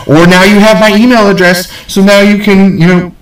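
Man, podcast host, high-pitched, rambling, excitable, nervous, swearing, echoey room. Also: moderate pace, distant mic. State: nervous and sweating. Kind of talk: rambling casual podcast sign-off.

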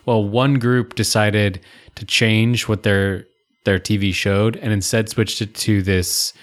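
A man co-hosting a podcast, telling stories in a relaxed, rambling way with lots of fillers. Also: fairly low pitch, takes it slowly. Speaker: podcast co-host. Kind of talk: casual chat.

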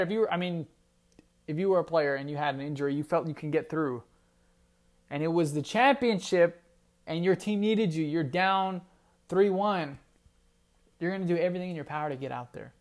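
A man's voice: on the high side, brisk, long pauses. A man hosting a solo sports podcast, talking casually and rambling with restarts. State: briefly choked up. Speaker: podcast host.

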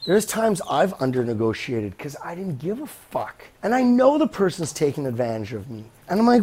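A man's voice: a little high, big pitch swings, a little fast, few pauses, a little mellow. A man hosting a podcast, talking in a rambling, profane and blunt casual monologue. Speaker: podcast host.

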